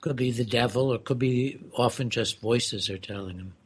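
A man with a background in mental health, explaining in a measured way with frequent pauses during a discussion. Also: mid-range voice, slightly rough. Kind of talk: conversational discussion.

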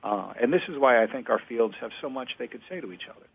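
Husky man on a thin, phone-like line. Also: mid-range voice, fast talker, no echo. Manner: storytelling, animated retelling of a play. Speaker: scholar discussing ancient drama. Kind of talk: conversational discussion.

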